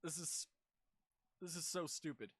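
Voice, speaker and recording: Scornful male reactor, higher voice, dry booth sound, keeps repeating himself in disbelief. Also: unhurried, dry recording. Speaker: reaction video reviewer. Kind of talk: exasperated commentary over a video.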